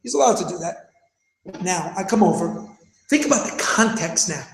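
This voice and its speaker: Man in his thirties, very high voice, animated teacher, rhetorical questions, echoey classroom. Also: moderate pace. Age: 30s. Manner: asks rhetorical questions, acts out scenes, shouts for emphasis.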